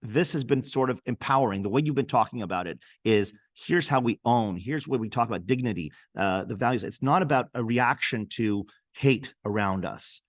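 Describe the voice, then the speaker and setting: A man's voice: mid-range voice, moderate pace, few pauses, no echo. Earnest French-speaking man, dry sound. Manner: earnest, emphatic, repeats himself as he builds a point. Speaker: cantor and host. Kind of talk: conversational interview.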